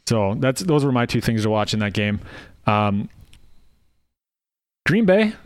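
A man co-hosts a casual football podcast and slips in deadpan, sarcastic jokes. His voice sits in a middle pitch, and the recording is dry and close. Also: unhurried, clean tone, dry recording. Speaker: podcast co-host. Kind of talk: casual sports chat.

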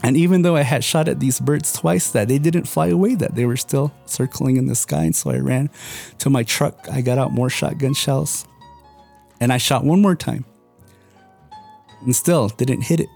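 A young man recounts a personal story in an easygoing, rambling way, leaning on fillers as he goes. His voice is warm and mellow at a middling pitch, with soft music faintly behind him. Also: normal speed, vocal fry. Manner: rambling, many "you know" and "kind of" fillers.

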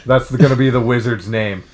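A man's voice: mid-range voice, fairly even intonation, normal speed, a crowd in the background. A man co-hosting a podcast, chatting casually and rambling with lots of fillers and laughter. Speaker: podcast co-host. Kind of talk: casual chat. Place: living in Japan.

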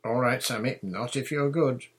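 A man's voice: medium pitch, husky, pitched above the performer's own voice, lightly acted. A man reading a storybook, voicing a bold, bossy girl who leads her friends like a pirate captain. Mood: commanding. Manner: commanding, brisk, dramatic.

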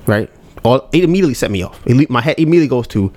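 A man's voice: medium pitch, animated, rapid-fire, a little mellow. A man hosting a podcast, talking candidly and rambling about handling his anger, acting out his own thoughts. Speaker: podcast host. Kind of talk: casual solo podcast talk.

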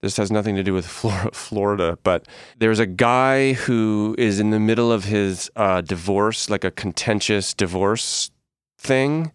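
Man co-hosting a podcast, low smooth voice, dry sound, rambling casual chat. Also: a little slow, no echo. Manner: rambling, self-interrupting, laughs often. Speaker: podcast co-host.

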